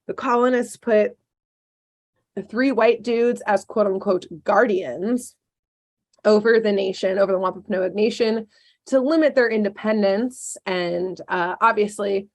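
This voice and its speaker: A woman co-hosting a podcast, telling a dark history story in a casual way, with sarcastic asides and lots of ums. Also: medium pitch, gravelly.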